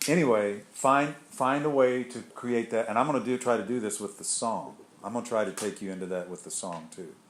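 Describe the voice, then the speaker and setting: A man's voice: on the low side, brisk, few pauses, a little hiss or hum. A man giving an informal spiritual talk to a group, rambling and conversational with frequent restarts and asides. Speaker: group leader.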